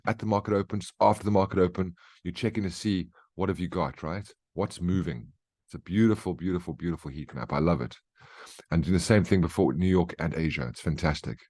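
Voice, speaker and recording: Low-voiced man walking through trading charts. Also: darkish tone, no room sound. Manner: conversational, keeps checking in with "right?" and "okay?". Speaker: trading educator. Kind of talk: market briefing over charts.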